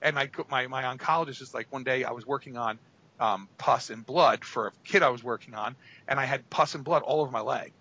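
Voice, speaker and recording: A man's voice: medium pitch, a little fast, noisy background. A man co-hosting a podcast in casual chat, telling long rambling stories full of fillers. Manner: rambling, filler-heavy storytelling. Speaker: podcast co-host. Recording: dull lo-fi audio.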